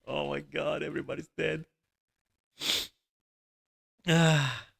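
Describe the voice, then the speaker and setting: Man, gameplay commentary, frequent swearing, higher-pitched voice, slow talker. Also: level tone, creaky, slightly rough. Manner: swears often, laughs, exclaims in dismay. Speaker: gamer streaming a raid.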